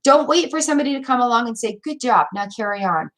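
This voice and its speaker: A woman's voice: on the high side, lively intonation, fast. Encouraging woman reading tarot live. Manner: warm, encouraging, repeats words, many fillers. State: hiccups. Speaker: tarot reader. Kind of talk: live stream card reading.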